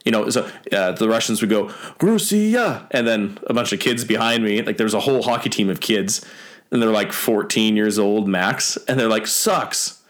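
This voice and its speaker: A man's voice: fairly low pitch, fairly even intonation, brisk. A young Canadian man telling stories in a casual chat, rambling with many fillers and the odd swear word. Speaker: guest.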